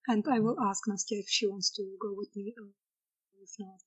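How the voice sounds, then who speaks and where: A woman player at a tabletop game talks quietly and softly, with a husky edge, and giggles now and then. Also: medium pitch, steady tone, fairly quick, rough recording. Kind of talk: casual tabletop play.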